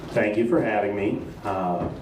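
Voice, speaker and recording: A man's voice: fairly low pitch, normal speed, darkish tone, slight background noise. An American man performing a stand-up comedy set in a club, telling stories in a dry, self-deprecating way. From United States. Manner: dry, self-deprecating storytelling with quoted exchanges. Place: comedy club in front of a live audience. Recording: roomy club sound from a distant mic.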